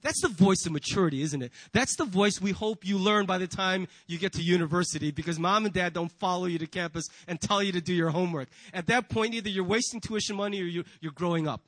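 Male pastor, sermon delivery, high voice, dry recording, rhetorical and animated in acted asides. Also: fast, hardly any pauses, no room sound, rough recording. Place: church.

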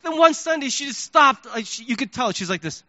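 A pastor preaching, his voice high and bright and animated as he tells a story. The sound is dry and a little dull, a lo-fi sermon recording. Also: a little fast, no room sound. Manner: animated storytelling, acts out his own thoughts.

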